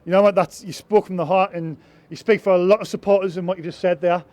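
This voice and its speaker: A man working as a football fan channel reporter, holding street interviews outside in town. His voice is high and he trips over his words, repeating himself as he goes. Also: fairly even intonation, fast, a little mellow. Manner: stammers and repeats words, agreeable. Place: outdoors in town.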